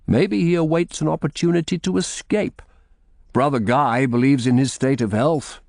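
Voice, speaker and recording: A man voicing an angry, blunt prior who talks coarsely and forcefully. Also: mid-range voice, moderate pace, creaky, no echo, clean studio sound, pitched above the performer's own voice, lightly acted.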